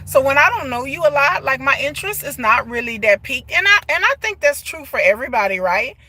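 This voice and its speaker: A woman, chatting casually to her viewers on a phone live stream from inside a parked car, animated and talkative. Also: sits high, brisk, no echo. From Texas. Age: 40s. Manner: chatty, animated, often laughs and says y'all. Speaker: vlogger. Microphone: phone held at arm's length.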